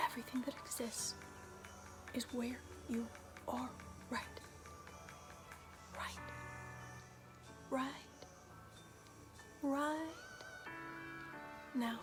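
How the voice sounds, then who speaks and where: A woman medium in trance, giving a channeled message as a collective "we" in a slow, hushed, often whispered, repetitive delivery. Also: high-pitched, steady tone, over music. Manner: speaks as a collective "we".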